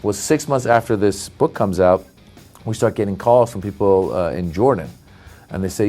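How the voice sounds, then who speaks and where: A comedian with a lowish voice tells a story as an interview guest. He is animated and laughs easily, jumping into little voices for the people he quotes. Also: normal speed, faint music behind.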